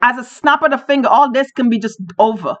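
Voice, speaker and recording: High-voiced, emphatic woman preaching. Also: brisk. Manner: emphatic, preachy, repeats phrases for stress. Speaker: podcast host. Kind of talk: religious commentary monologue. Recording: dull lo-fi sound.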